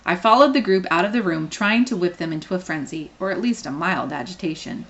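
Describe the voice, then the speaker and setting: A woman reading a children's novel aloud, expressive and playful. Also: fairly low pitch, a little fast, lo-fi sound. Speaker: reader.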